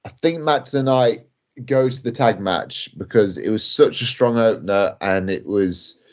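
Young bloke rambling thru a story, lotsa likes and laughs, lowish voice, muffled audio. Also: male voice, moderate pace. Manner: rambling, lots of fillers, laughs while telling. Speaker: guest wrestler. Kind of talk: casual podcast storytelling. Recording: dull lo-fi audio.

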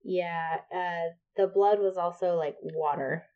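A woman co-host talks through a film's plot in easy, casual banter. Her voice sits on the low side and she swears freely. The sound is muffled and lo-fi. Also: fairly even intonation, slow pace. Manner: chatty, swears freely, laughs and jokes. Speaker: podcast co-host. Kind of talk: casual movie recap chat.

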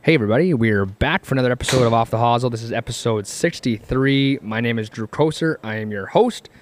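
A man's voice: medium pitch, fast talker. A man hosting a casual podcast, reading ads and chatting in an upbeat, laid-back way. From Canada. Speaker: podcast host. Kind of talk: casual chat and ad reads.

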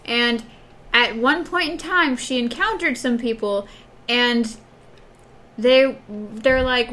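A woman's voice: on the high side, takes it slowly, sharp tone. A young woman from Wisconsin co-hosting a casual chat, rambling through stories with many fillers.

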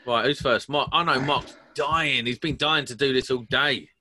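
A man's voice: medium pitch, moderate pace, sharp tone, a little hiss or hum. A British man hosting a casual video call, teasing his friends and joking around. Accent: British English. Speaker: host.

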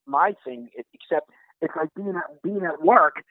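Over a phone line, a man with a fairly high voice tells an exasperated, animated story at normal speed, swearing and acting out what people said in casual chat. The recording is dry.

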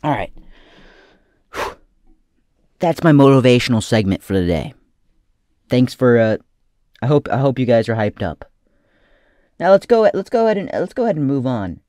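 A young man hosting a crude comedy commentary, swinging from loud shouting bits to a mocking, profane rant. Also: medium pitch, very animated, fairly quick, long pauses, no echo, studio quality.

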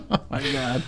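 A man co-hosting a podcast, telling crude, joking stories in casual chat. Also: fairly bright tone. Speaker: podcast co-host.

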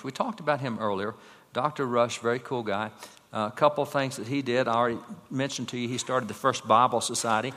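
A man giving a slide-show lecture to an audience, telling stories, asking rhetorical questions and running through quick lists of names. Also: medium pitch, a bit bright, long reverb tail. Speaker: public speaker.

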